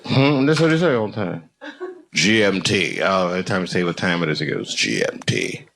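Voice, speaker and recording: A man's voice: low voice, lively intonation, fairly quick. A man doing stand-up crowd work, riffing loosely and profanely with the audience at a live show. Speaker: stand-up comedian. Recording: live club show, loud background noise. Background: audience laughter.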